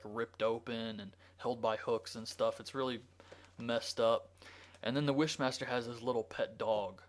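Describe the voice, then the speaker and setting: A man reviewing a movie, retelling the plot in a loose, rambling way with frequent filler words. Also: medium pitch. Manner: rambling, with frequent ums and likes. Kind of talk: casual plot recap.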